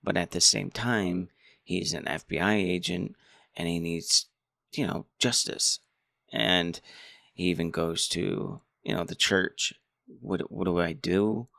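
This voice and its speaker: A man's voice: deep voice, takes it slowly, gravelly, bright, forceful tone, dry recording, studio quality. A man rambling casually through a movie review. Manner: rambling, many restarts. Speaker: movie commentator.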